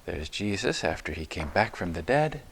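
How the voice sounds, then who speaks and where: A man serving as chaplain, talking gently and encouragingly to preschool children inside a church, using simple words. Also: sits low, big pitch swings, normal speed, gravelly, a little hiss or hum. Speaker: chaplain leading children's chapel.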